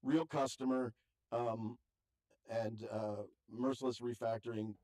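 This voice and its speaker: A man's voice: medium pitch, steady tone, unhurried. Chatty older man interviewing. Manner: chatty, self-deprecating, trails off quietly. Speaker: interview host. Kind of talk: casual conversation.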